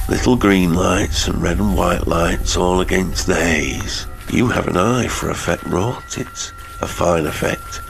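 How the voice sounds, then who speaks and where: A man's voice: deep voice, unhurried, gravelly, few pauses, soft background music. A man voicing a menacing, jealous ironworks master. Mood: menacing enthusiasm. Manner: forceful, abrupt, suddenly talkative. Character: jealous domineering male ironworks owner, menacing.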